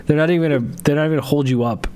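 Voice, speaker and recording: A man, co-hosting a podcast, throwing in quick, teasing jokes. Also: fairly high pitch, darkish tone, clear, resonant tone. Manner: teasing, quick joking remarks. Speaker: podcast co-host. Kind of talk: casual chat.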